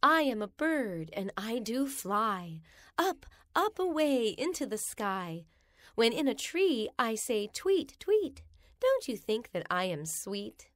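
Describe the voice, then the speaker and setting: Slow, sing-song children's rhymes are read by a woman whose fairly high, fairly bright voice rises and falls in big pitch swings. The sound is close and dry, with no room sound at all.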